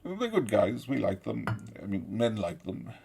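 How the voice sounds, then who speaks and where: A man's voice: lowish voice, sing-song, moderate pace, gravelly, a little mellow, slight background noise. A middle-aged man from South India, giving a rambling, profane political monologue and laughing often between points. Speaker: commentator.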